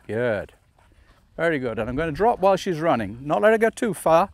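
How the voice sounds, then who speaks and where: A man training a dog outdoors, explaining each step and calling the dog with calm, coaxing commands. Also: on the high side, brisk, no echo. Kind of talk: instructional demonstration. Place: outdoors in a field.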